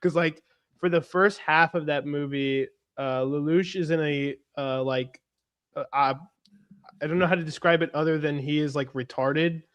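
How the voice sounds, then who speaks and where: Halting, fairly high-voiced man. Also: steady tone, a bit bright, clean tone. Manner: halting, repeats words while thinking. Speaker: podcast co-host. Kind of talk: casual chat.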